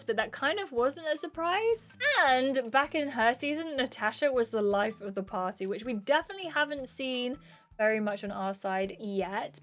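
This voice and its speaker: A chatty woman recaps a video game for her channel in an easy, casual way. Her voice sits fairly high, and she exclaims and asks questions as she goes. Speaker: gaming YouTuber.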